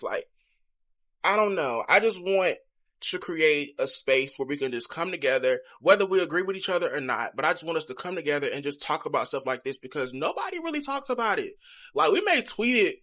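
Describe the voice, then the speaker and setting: Young man, candid vlog talk, speaks straight to viewers, bright forceful tone. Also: a little high, animated, brisk. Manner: chatty, candid, addresses viewers directly. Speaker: vlogger. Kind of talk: casual confessional vlog.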